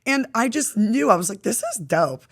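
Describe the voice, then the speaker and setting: A woman's voice: medium pitch, sing-song, normal speed. A young woman chatting as a podcast guest, laughing often and swearing casually. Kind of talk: casual interview chat.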